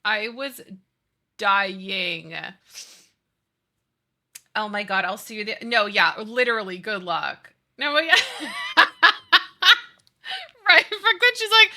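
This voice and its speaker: A woman in her thirties chatting casually with her live stream audience, telling stories with lots of laughter and excitable energy. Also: medium pitch, slow, long pauses. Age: 30s. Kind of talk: casual chat while playing a game.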